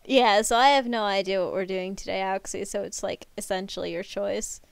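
A woman streaming live, chatting casually with her viewers and a friend, excitable and quick to laugh. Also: mid-range voice, gravelly, smooth, no echo. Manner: giggly, excitable, talks to chat.

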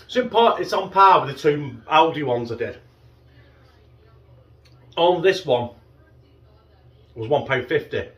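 A middle-aged man from northern England, with the accent to match, reviews a frozen pizza in a casual food vlog, chatting away, swearing freely and sometimes talking with his mouth full. His voice is fairly high and fairly bright with lively intonation, a little slow and full of pauses. The recording has its highs cut off.

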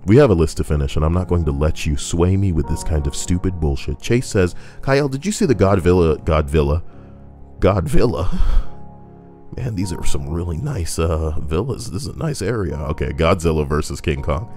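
A man's voice: a bass voice, expressive, brisk, few pauses, dark tone, soft background music. A man doing comedic commentary as a streamer reading online posts, crude and jokey, slipping into silly voices and singing.

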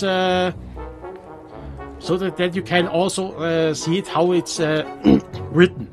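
A man with a Swiss German accent, a native Swiss German speaker, giving halting gameplay commentary in English with many restarts. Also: high-pitched. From Switzerland. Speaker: let's player.

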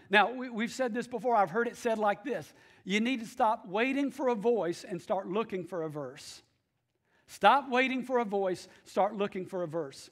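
Male pastor, high-pitched, emphatic preaching with repeated phrases. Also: brisk, fairly bright tone. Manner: emphatic, repeats key phrases, calls for amens. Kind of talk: sermon.

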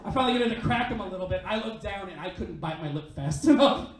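A man's voice: sits high, expressive, quick pace. Brash man telling stand-up stories. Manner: brash, crude, punchy delivery. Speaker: stand-up comedian. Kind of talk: stand-up storytelling. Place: comedy club stage. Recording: echoey club heard from a distance. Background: audience laughter.

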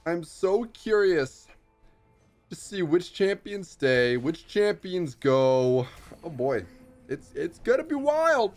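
An excitable young man chats through his own gameplay, cracking playful asides as he thinks out loud. His voice swings widely in pitch, and faint background music plays behind him. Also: slow pace. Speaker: streamer. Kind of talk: casual gameplay commentary.

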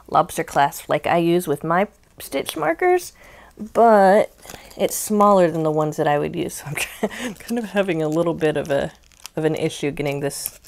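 Woman, lowish voice, chatty, rambling, lots of ums, casual unboxing vlog host. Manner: chatty and rambling, frequent ums, laughs easily. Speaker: crochet channel host.

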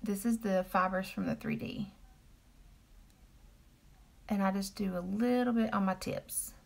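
Chatty woman doing her makeup live, a little gravelly, mid pitch, talking to the chat. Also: steady tone, unhurried, slight background noise. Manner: chatty, talks to viewers while applying makeup. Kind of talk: casual live-stream makeup tutorial.

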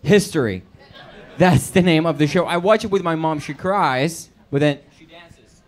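Man from Colombia, stand-up comic, slightly high voice, quick asides, club stage. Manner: quick asides and put-on voices for quoted people. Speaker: stand-up comedian. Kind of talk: stand-up set. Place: comedy club stage with audience.

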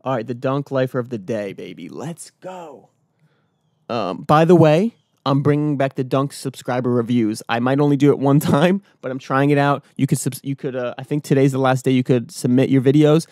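A man hosting his own daily vlog and podcast, talking in an energetic, rambling, motivational way outdoors early in the morning. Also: medium pitch, moderate pace, dry recording, studio quality. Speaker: vlogger and podcast host. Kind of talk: casual solo vlog talk.

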